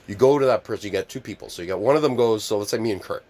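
A man telling wild stories in casual chat, swearing freely and loudly acting out the scenes. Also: on the low side, very fast. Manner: animated storyteller, swears a lot, acts out scenes loudly.

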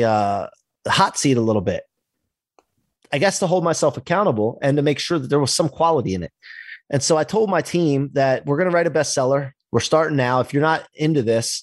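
Husky man telling a story. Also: medium pitch, no room sound, clean studio sound. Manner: animated, acts out quoted dialogue, swears casually. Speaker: podcast guest, entrepreneur. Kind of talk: casual storytelling interview.

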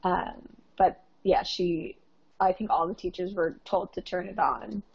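A woman's voice: lowish voice, fairly even intonation, a little slow, creaky, husky. Woman, 30s, casual co-host, chatty with fillers, dull lo-fi recording. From Minnesota, USA. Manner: chatty, lots of likes and ums. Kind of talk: casual chat. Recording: dull lo-fi audio.

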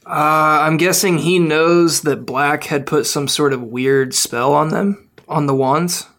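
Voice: mid-range voice, steady tone, slow, fairly bright tone. A podcast co-host chatting casually about a book, with stammers and laughs. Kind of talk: casual chat.

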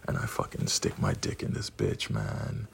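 A man's voice: rumbling low, wildly swooping pitch, moderate pace. A man in his forties telling a profane, rowdy personal story and laughing at his own punchlines. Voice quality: gravelly, husky voice.

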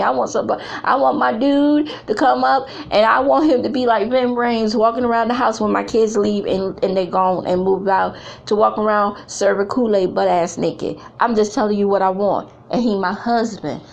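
A woman's voice: medium pitch, creaky. A middle-aged woman giving an emphatic, blunt talk to other women, mixing slang and preachy repetition.

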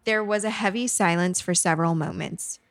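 A female narrator tells a spooky comic tale in a fairly low, wry, matter-of-fact voice. The sound is dry and close. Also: fairly quick, gravelly, no room sound. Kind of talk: storytelling narration.

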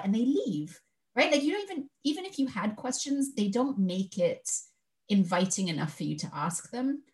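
Animated woman telling a story. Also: mid-range voice, moderate pace. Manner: animated, acts out the people she quotes. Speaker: podcast guest. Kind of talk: casual conversational storytelling.

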